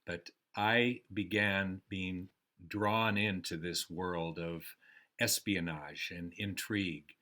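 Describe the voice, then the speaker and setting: Older american man, very deep voice, slow rambling memoir, pauses and fillers. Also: bright, forceful tone. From United States. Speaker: memoir storyteller. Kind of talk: casual spoken memoir.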